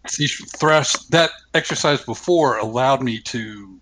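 A man's voice: mid-range voice, takes it slowly, bright, forceful tone, low-quality recording. Easygoing male player, faint hiss. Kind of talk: casual tabletop play chat.

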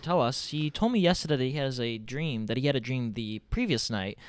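A man's voice: mid-range voice, animated, brisk, clear, resonant tone, no room sound. A man hosting a casual podcast, explaining things in a rambling way with many fillers. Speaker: podcast host.

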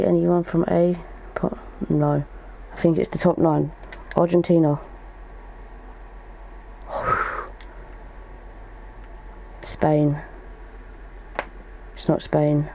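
Young man, casual gaming commentary, gravelly voice, mellow tone, thinking out loud. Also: fairly high pitch, slight background noise, low-quality recording. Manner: chatty, thinks aloud while opening packs. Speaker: gaming YouTuber.

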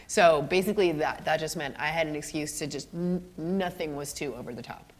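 An animated middle-aged woman, a guest actor telling stories on a college stage, laughing often. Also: deep voice, brisk. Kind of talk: storytelling on a college stage interview.

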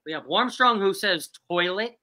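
A woman's voice: medium pitch, normal speed, pushed and bright. A woman with a New York accent hosting a live-stream game show, joking and reading out viewer answers. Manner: reads out viewer answers, jokey.

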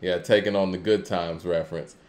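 A man's voice: deep voice, steady tone, fairly quick, a little mellow. A man co-hosting a podcast, talking in an easygoing, hesitant way with many ums during a casual debate. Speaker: podcast co-host.

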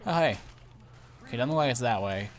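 Excitable young man commenting on gameplay. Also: medium pitch, brisk, a little hiss or hum. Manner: excitable, lots of startled exclamations. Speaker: let's play host.

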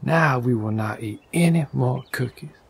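A man's voice: mid-range voice, a little slow, creaky, breathy edge, heavily acted. A man doing a patient, sensible frog in whispered role-play. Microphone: condenser microphone.

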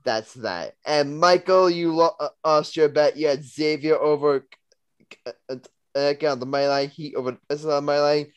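A man's voice: on the high side, brisk, clean tone, no room sound. Young man hosting a sports betting recap. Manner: reads out bet results and standings, upbeat. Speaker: podcast host. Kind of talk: casual sports podcast chat.

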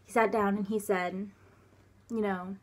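Soft-spoken young woman telling a personal story. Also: mid-range voice, fairly even intonation. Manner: halting, hesitant, with many fillers. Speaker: vlogger.

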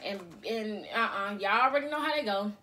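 A woman's voice: mid-range voice, a little fast, pushed and bright. A young woman filming a casual vlog in her bedroom on her cell phone, chatting to viewers and calling them y'all. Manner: chatty, addresses viewers as y'all, repeats okay. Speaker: mukbang vlogger.

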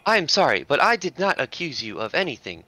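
A man role-playing at a tabletop game with formal, deadpan delivery. His voice is bright and on the higher side, with lively swings in pitch. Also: brisk. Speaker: player. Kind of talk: in-character tabletop role-play.

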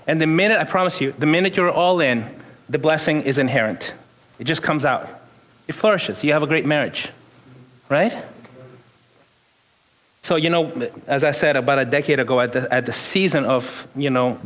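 A man's voice: medium pitch, normal speed, fairly bright tone. A man in his fifties, a pastor, preaching a conversational sermon full of personal stories and informal restarts. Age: 50s. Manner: storytelling, informal, frequent restarts.

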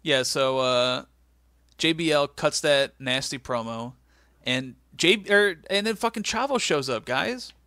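A man co-hosting a casual podcast, recapping wrestling with frequent laughs and incredulous, animated asides. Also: on the high side, a little slow, clear, resonant tone, no room sound, studio quality. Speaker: podcast co-host.

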